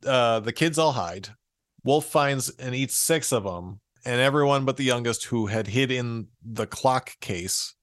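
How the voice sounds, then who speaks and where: A man in a casual podcast chat, retelling an old fairy tale with frequent amused laughs. His voice sits at an ordinary middle pitch, and the recording is dry and close, with no room sound. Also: a little slow, fairly bright tone, dry recording. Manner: amused, laughs often while reading. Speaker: podcast co-host.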